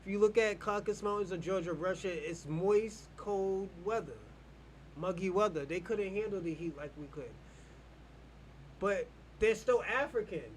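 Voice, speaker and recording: Combative, high-voiced American man. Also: normal speed, a little hiss or hum. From United States. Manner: combative, blunt and profane. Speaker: online show host. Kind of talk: heated live debate.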